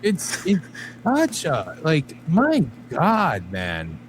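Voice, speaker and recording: A man's voice: fairly high pitch, huge pitch swings, drawn-out words, a little hiss or hum. A man co-hosting a podcast, ranting in crude, profane, mocking banter. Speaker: podcast co-host.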